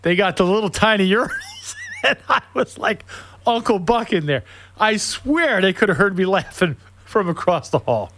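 A middle-aged man hosting a show, telling a comic story in an animated way and laughing through it. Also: sits high, moderate pace.

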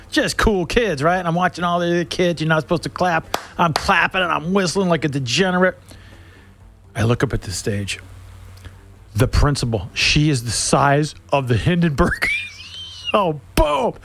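A middle-aged man hosting a show, telling a comic story in an animated way and laughing through it. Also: a little high, normal speed, a little hiss or hum.

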